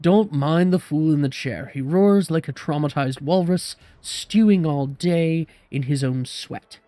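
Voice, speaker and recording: Sneering café owner, clipped insults, a bit raised in pitch, as a man puts him on. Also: a little slow, mellow, no room sound, close to an everyday voice. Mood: scornful. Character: sharp-tongued male café owner, disdainful and dry.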